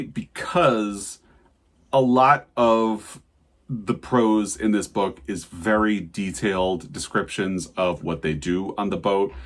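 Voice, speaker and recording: A man co-hosting a casual book review chat, summarizing in detail and giving frank opinions. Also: lowish voice. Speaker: book channel co-host.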